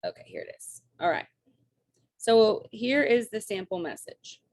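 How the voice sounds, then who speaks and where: A young woman coaching her team on a video call, chatty and upbeat, with quick asides and bits of quoted dialogue. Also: mid-range voice, wildly swooping pitch, no echo.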